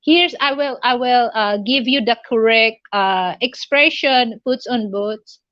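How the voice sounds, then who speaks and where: A Filipino woman whose first language is Tagalog, hosting a casual live chat, speaking haltingly with many fillers and little chuckles. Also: a little high, no room sound, highs cut off. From Philippines. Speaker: livestream host.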